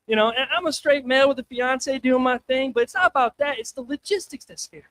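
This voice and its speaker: A man's voice: very high voice, fast, a bit bright, no echo. A male stand-up comedian at an open mic night, rambling and crude, tossing in "man" constantly, on a handheld stage mic.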